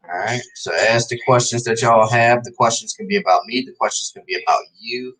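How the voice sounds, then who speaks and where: A man's voice: mid-range voice, a little fast, fairly bright tone, rough recording. A man hosting a casual livestream, chatting loosely with viewers and calling them "y'all". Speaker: host of a live stream show.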